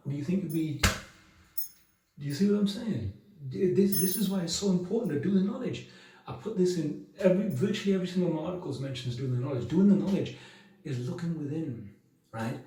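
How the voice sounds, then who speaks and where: This man sounds on the high side and mellow as he preaches emphatically to his viewers in a to-camera monologue, peppering them with rhetorical questions. He's a video blogger, recorded on a far-off mic in a heavily echoing room.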